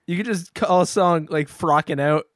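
A man's voice: fairly high pitch, normal speed, fairly bright tone, dry recording, studio quality. A man hosting a podcast, joking and rambling with lots of fillers. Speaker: podcast host. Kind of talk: casual podcast chat.

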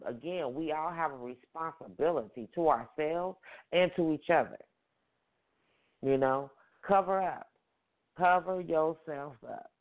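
A woman hosting a radio prayer-line show in a sassy, lively manner, repeating her points and calling on listeners to answer back. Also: sits low. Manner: sassy, repetitive exhortations, call-and-response. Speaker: radio talk show host. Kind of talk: casual motivational prayer-line talk. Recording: tinny phone-line sound.

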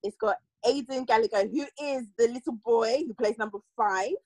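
A woman's voice: a little high, moderate pace, noisy background. A young woman co-hosting a podcast, chatting casually and correcting herself as she reviews a series. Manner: chatty, rambling, self-correcting. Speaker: podcast co-host.

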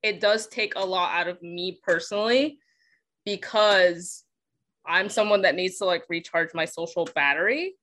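Bright-voiced woman with a Southern twang. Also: on the low side, moderate pace, rough recording. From Texas. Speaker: podcast co-host. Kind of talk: casual chat.

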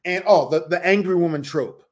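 A man with a high, light voice chats about a reality show. He talks animatedly, jumps into other people's lines and swears freely. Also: moderate pace. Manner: animated, acts out quotes, swears. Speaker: podcast co-host. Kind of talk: casual reality TV recap chat.

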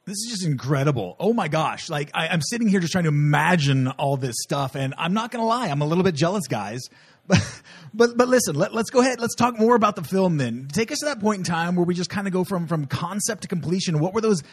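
A male podcast host reacts with eager amazement and leads his guests to the next question. His voice is somewhat husky and moves up and down a lot. He speaks a little higher than most men. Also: expressive, quick pace. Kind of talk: casual podcast chat.

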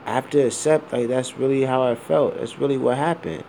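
A man's voice: mid-range voice, fairly even intonation, a little fast, creaky, mellow, slight background noise. A man of around forty talking bluntly and with plenty of swearing in a rambling personal monologue, full of fillers and repeated asides.

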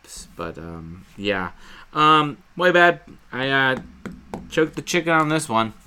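A man's voice: medium pitch, big pitch swings, takes it slowly, sharp tone, clear, resonant tone. A man co-hosting a podcast, casually chatting and swearing as he rambles through a movie retelling. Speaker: podcast co-host. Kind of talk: casual chat.

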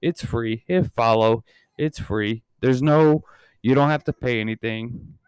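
A man's voice: medium pitch, measured pace, clear, resonant tone, no echo. A man in his thirties hosting his own podcast channel, chatting casually in a rambling way and swearing constantly. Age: 30s. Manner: rambling and heavily profane. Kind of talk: casual chat.

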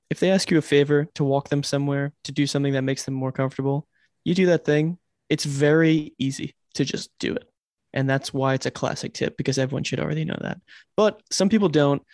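A young man cohosts a casual podcast, giving dating advice like official rules in a wry, joking way. His voice sits a little high for a man. The sound is close and dry. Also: darkish tone, no room sound. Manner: wry, mock-authoritative tips.

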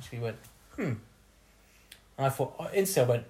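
A man's voice: mid-range voice, quick pace, pauses often, mellow. A young man telling a bawdy story on a casual podcast, laughing often as he acts out what people said.

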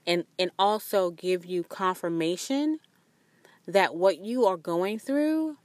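A fairly low-pitched young woman hosting a spiritual podcast in a dry, close recording. She talks in an earnest, rambling, confiding way, looping back on her own phrases as she goes. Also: lively intonation, slow pace, no room sound. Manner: acts out quoted voices with sudden high pitch jumps. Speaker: podcast host.

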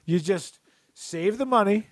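Man, fairly high voice, joking co-host who rambles, laughs a lot, dry close sound. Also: measured pace, dry recording. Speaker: podcast co-host. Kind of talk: casual chat.

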